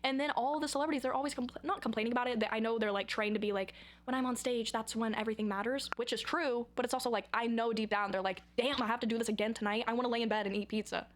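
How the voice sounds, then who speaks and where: A young woman chats straight to camera in a loose, rambling vlog. Her voice sits a little high, and she gets excitable and dramatic as she talks. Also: rapid-fire, slight background noise. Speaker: vlogger. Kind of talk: casual chatty vlog.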